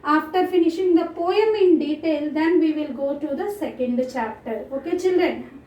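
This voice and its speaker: A woman teacher with an Indian English accent, slowly drilling words and repeating each one clearly for a recorded online class. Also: high voice, mellow, dull audio. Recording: roomy echo, distant mic, faint noise.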